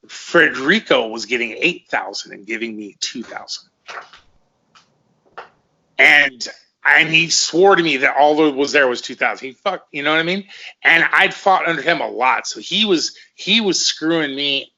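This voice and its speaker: A man's voice: mid-range voice, lively intonation, moderate pace, pushed and bright, lo-fi sound. A middle-aged man, a former fighter, telling rambling, profane stories in casual conversation and often repeating himself.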